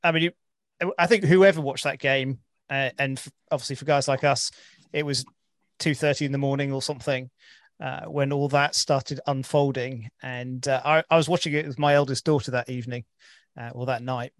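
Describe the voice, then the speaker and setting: A man's voice: medium pitch, fairly even intonation, moderate pace, no room sound, studio quality. A man hosting an interview, asking long hesitant questions full of fillers. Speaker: interviewer, host. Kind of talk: casual interview.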